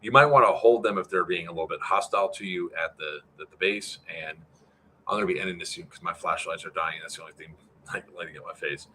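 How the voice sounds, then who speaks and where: A man's voice: low voice, quick pace, pushed and bright, slight background noise. A man organizing an airsoft event, giving a casual, rambling livestream update full of fillers and answering questions from chat.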